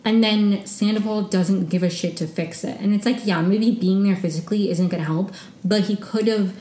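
A woman's voice: medium pitch, fairly even intonation, moderate pace, dark tone, echoey room, rough recording. A young woman hosting a casual solo recap podcast, chatty and opinionated, with frequent "like" fillers. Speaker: podcast host recapping reality TV.

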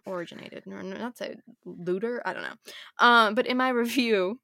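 A woman's voice: medium pitch, moderate pace, gravelly, pushed and bright, no room sound, studio quality. An American woman co-hosting a podcast, chatting casually about books in a rambling, giggly way. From United States. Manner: rambling, self-interrupting, giggly. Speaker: podcast co-host. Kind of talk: casual book chat.

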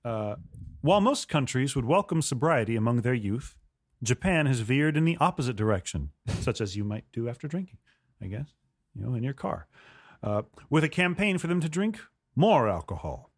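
A man's voice: mid-range voice, big pitch swings, moderate pace, no room sound, studio quality. A man co-hosting a comedy podcast, reading a news story aloud and breaking off for wry jokes. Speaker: podcast co-host.

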